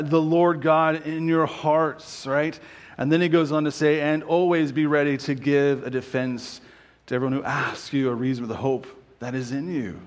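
A pastor delivering a sermon in a relaxed, conversational way, his voice sitting a little higher than most men's. He keeps checking in with his listeners through rhetorical questions. When he quotes scripture he slows down and reads each phrase deliberately. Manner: conversational preaching with frequent rhetorical "right?" questions.

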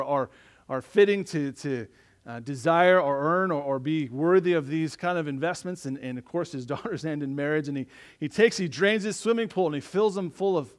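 A man preaching a sermon as a pastor, talking conversationally and often checking in with the listeners. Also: sits high. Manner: conversational, frequent tag questions.

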